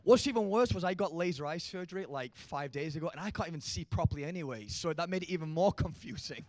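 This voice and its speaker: A young man preaching a sermon to a church congregation. He jokes with the crowd and then builds to shouted emphasis. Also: fairly high pitch, fast, no echo. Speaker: pastor.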